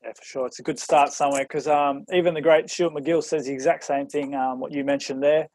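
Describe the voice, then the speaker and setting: A man hosting a podcast, talking in a relaxed, agreeable way. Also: fairly high pitch, a little fast, no echo, poor audio. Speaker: podcast host. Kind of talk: casual podcast chat.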